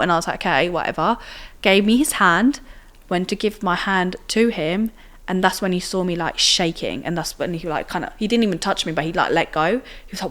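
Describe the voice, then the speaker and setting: A young woman tells her own story to an interviewer. Her voice sits on the low side, and she talks in a loose, chatty way, full of fillers and tag questions. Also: fairly quick, a bit bright. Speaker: guest telling her story. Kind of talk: casual personal storytelling.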